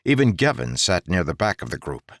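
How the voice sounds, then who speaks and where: A man narrating an audiobook in a steady reading voice. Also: deep voice, brisk, dry recording, clean studio sound.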